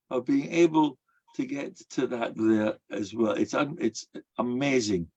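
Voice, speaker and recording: A man's voice: mid-range voice, unhurried, darkish tone, husky. A man, a rabbi, delivering a sermon full of stories, a folksy storyteller who weaves in Hebrew and Yiddish terms. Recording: dull, muffled lo-fi recording.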